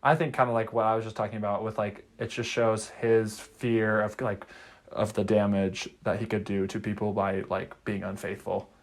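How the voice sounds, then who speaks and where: A man's voice: on the low side, little pitch movement, normal speed. Rambling man chatting about films. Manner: rambling, heavy use of "like". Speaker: podcast co-host. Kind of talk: casual movie-review chat.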